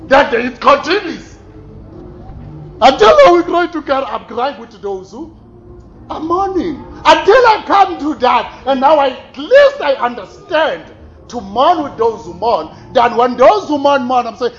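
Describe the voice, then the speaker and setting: Man, preacher, very high voice, lively, sermon, slightly muffled recording. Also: measured pace. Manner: animated, swings from loud exclamations to quiet asides, frequent laughs. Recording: slightly dull recording with faint room ambience.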